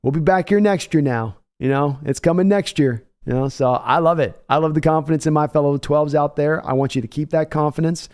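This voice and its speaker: A man's voice: a little high, steady tone, fairly quick, hardly any pauses, a little mellow. Chatty man hosting a live stream. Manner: reads donations aloud, chatty and hyped. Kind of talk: casual live-stream reaction chat.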